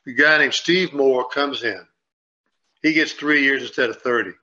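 A man's voice: medium pitch, moderate pace, sharp tone. A man on a sports radio show, rambling and repeating himself as he tells a story and acts out what people said. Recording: dull lo-fi sound.

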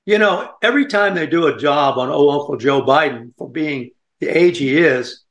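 A man's voice: on the high side, normal speed, echoey room. An older man hosting a radio talk show, chatting in a folksy, rambling way and laughing often. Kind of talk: casual radio chat.

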